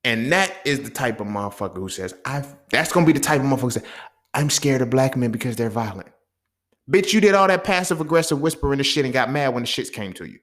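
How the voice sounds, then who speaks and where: A man's voice: medium pitch, lively intonation, fast, a bit bright. A young man hosting a podcast, talking blunt and fired up in a profane, casual monologue. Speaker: podcast host.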